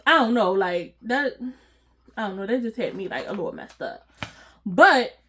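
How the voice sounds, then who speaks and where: A woman vlogger telling a casual storytime, animated and slangy, acting out what people said and laughing often. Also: mid-range voice, moderate pace, husky. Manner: animated, slangy, acts out quoted voices.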